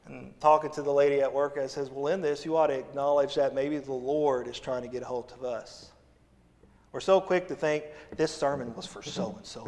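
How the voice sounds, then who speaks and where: A man preaching a sermon as associate pastor, folksy and humorous, swinging between loud emphasis and quiet asides. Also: medium pitch, fairly even intonation, normal speed. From Missouri, USA. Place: church sanctuary. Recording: long church reverb.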